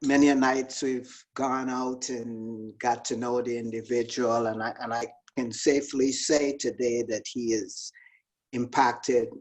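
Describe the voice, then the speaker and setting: Halting male youth soccer coach. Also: mid-range voice, darkish tone, rough recording. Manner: halting, with many fillers and repeated words. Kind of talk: casual video-call interview. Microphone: video call.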